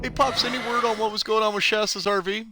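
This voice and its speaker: A man's voice: high voice, fairly even intonation, fast, music in the background. A young man streaming a video game live, chatty and upbeat, greeting viewers by name while giving tips. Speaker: gaming livestreamer. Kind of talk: casual live gameplay commentary.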